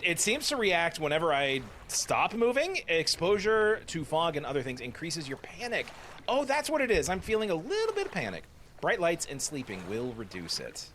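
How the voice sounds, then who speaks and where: A man's voice: a little high, sharp tone, slight background noise. A man hosting a casual let's play, chatting playfully and meowing to himself while he fishes. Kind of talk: casual gameplay commentary.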